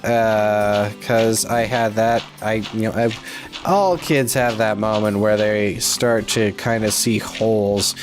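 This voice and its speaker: A man giving casual gameplay commentary, rambling to himself as he plays and drifting into halting personal stories. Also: lowish voice, over music. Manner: rambling, talks to himself while playing; reminisces in a loose, halting storytelling way. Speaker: let's play host.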